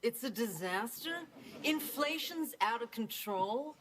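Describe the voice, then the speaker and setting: A woman doing a brisk, mocking TV pundit. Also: fairly high pitch, expressive, slight background noise. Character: woman sketch comic as a woman political pundit. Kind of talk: live TV sketch comedy. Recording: TV clip with loud studio audience. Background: studio audience laughter.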